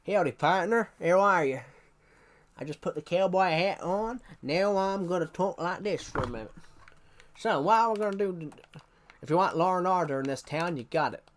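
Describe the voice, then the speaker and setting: A man's voice: high voice, expressive, moderate pace. A man putting on a drawling accent to play a swaggering male cowboy sheriff.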